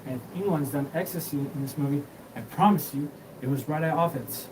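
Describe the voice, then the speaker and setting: A man's voice: on the high side, a little fast. A man rambling through a profane, scattered monologue as the host of his own show. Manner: rambling, profane, jumps between topics. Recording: distant mic with noticeable room hum.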